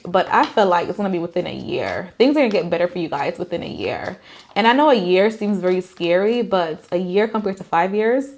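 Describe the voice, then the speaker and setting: A woman's voice: on the low side, a little mellow. A woman giving a casual tarot card reading, talking in a reassuring, conversational way with many fillers. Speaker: tarot reader.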